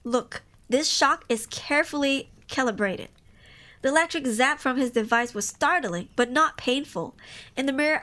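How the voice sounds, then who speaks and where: A woman reads spooky tales aloud on a live stream in a high, bright voice. She reads in a casual way and breaks off into emotional reactions and swearing. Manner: emotional, cries and exclaims between passages. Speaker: streamer reading horror stories.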